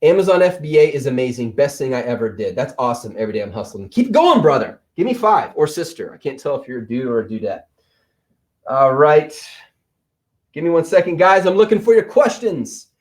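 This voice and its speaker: A man in his thirties hosting a live-stream Q&A from an office, answering chat questions on selling with energetic, playful teasing. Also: mid-range voice, brisk. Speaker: livestream host and Amazon seller coach.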